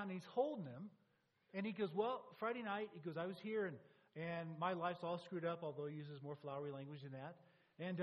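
Male preacher, animated storyteller, somewhat high pitch, muffled lo-fi recording. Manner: animated storytelling with emphatic repetition. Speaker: pastor. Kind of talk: sermon.

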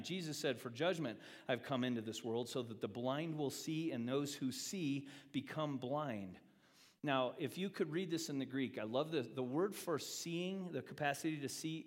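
Animated male pastor in an echoing hall. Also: medium pitch. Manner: animated, acts out quoted speech, swings from loud to quiet. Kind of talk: sermon. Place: church sanctuary. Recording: long reverb of a church hall.

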